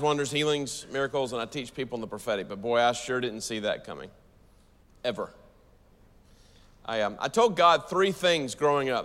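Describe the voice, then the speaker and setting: Fast-talking American pastor in a hall. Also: male voice, mid-range voice. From United States. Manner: fast, animated preaching with audience asides. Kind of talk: sermon. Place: church hall with audience.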